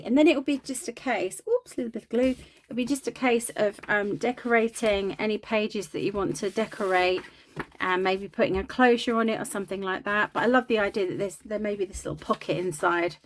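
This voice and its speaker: A woman's voice: medium pitch, a little fast, a little hiss or hum. A woman chatting casually while crafting, self-deprecating and talking as she works. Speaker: craft video host.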